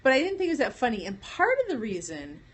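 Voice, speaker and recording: A woman's voice: fairly high pitch, wildly swooping pitch, quick pace, slightly rough. A woman with a Michigan accent, hosting a casual live stream and telling a rambling story with frequent laughs. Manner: rambling, chatty, laughs often.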